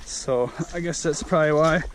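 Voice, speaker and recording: A man's voice: fairly high pitch, moderate pace, a little hiss or hum. A man narrating a casual creek-walk vlog outdoors, rambling and thinking aloud as he searches for words, recorded on an action camera mic. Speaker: creek-walking vlogger.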